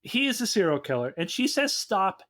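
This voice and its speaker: A man co-hosting a comedy podcast, giving mocking, animated recaps of a movie's plot. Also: high voice, fast talker. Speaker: co-host.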